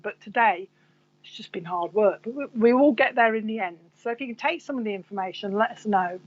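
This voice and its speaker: A woman's voice: fairly high pitch, lo-fi sound. A woman with a Coventry accent hosting a live psychic reading stream, chatting and rambling as she talks half to herself. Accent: Coventry English. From Coventry, England. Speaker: psychic medium host.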